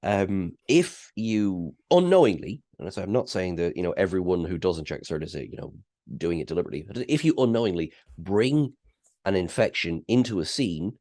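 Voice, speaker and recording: A man interviewing a podcast guest, phrasing things in a measured, careful way with small restarts. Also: low-pitched, lively intonation, darkish tone, no echo, clean studio sound.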